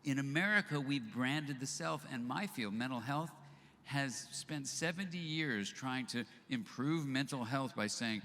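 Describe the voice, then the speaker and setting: A man's voice: mid-range voice, measured pace. Older man telling stories in a reverberant hall. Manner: animated storyteller, acts out both sides of dialogues. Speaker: speaker at a live book launch event. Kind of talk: storytelling talk to a live audience. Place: event venue with audience. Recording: long hall reverb, faint ambience.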